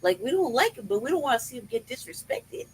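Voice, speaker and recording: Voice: mid-range voice, big pitch swings, quick pace, slight background noise, poor audio. A podcast host in casual chat, ranting with lots of swearing and frequent laughter while questioning their own feelings aloud. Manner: profane, laughing rant that questions itself.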